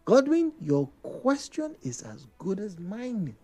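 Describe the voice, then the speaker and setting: A man's voice: high-pitched, takes it slowly, faint music behind. A man hosting a radio phone-in show, reading listeners' messages and adding his own remarks. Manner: lively, reads listener messages aloud with comments. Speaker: radio host.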